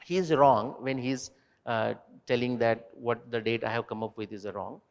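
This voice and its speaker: Animated man lecturing in a hall. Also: medium pitch, moderate pace, highs cut off. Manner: animated, digressive, addresses audience directly. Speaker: invited speaker. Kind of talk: lecture Q&A with students.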